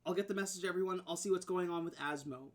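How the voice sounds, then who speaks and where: A man playing an eager young male sidekick hero who speaks in a quick, dutiful way. The voice sits fairly high. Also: close to an everyday voice.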